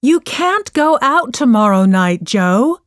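A woman's voice: high-pitched, very animated, slow pace, a little mellow, dry recording, clean studio sound, pitched above the performer's own voice, full character voice. A woman voicing a tired, stern mother in a storybook reading, scolding in a raised voice.

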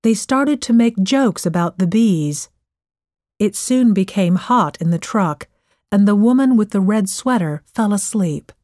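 Woman storyteller, slow measured reading, dry close sound. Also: medium pitch, expressive, a little mellow, no room sound. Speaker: audiobook narrator. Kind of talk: scripted story narration.

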